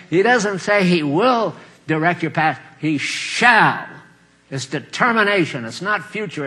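Folksy older man preaching a sermon. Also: fairly high pitch. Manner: folksy, chuckling, swings between loud emphasis and quiet asides.

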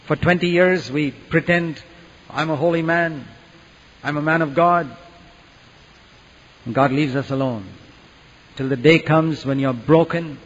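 A man preaching a sermon with earnest, dramatic swings from hushed to loud. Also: a little high. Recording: dull echoey hall recording.

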